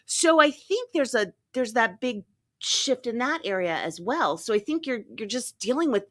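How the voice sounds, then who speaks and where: Chatty, bright-voiced woman host. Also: a little high, normal speed. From Tennessee. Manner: lively, chatty, laughs often. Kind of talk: casual chat.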